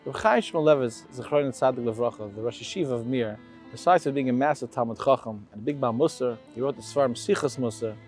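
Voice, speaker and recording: A man's voice: mid-range voice, fast talker, hardly any pauses, a little mellow. Earnest man telling a heartfelt story. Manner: emotional, rising intensity on quotes. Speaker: storyteller for a charity. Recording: faint background music.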